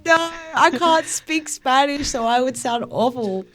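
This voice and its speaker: Giggly Australian woman, slightly high voice. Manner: giggly, chatty, quick to agree. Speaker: podcast co-host. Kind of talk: casual chat.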